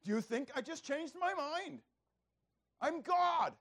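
Man putting on a high scolding God voice, stern, exasperated, all-powerful, swooping pitch. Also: expressive, slow pace, a bit bright, exaggerated voice. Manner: scolding rhetorical questions.

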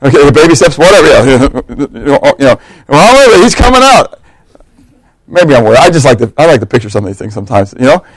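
A man's voice: medium pitch, fast, slight background noise, low-quality recording. A man preaching a sermon, telling stories with humor and acting out the voices of the people in them. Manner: animated storytelling, acting out quotes, humorous asides.

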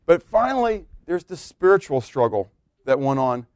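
A man preaching a sermon as pastor, swinging between loud exclamations and quiet asides. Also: fairly high pitch, sing-song, normal speed, clear, resonant tone, no echo.

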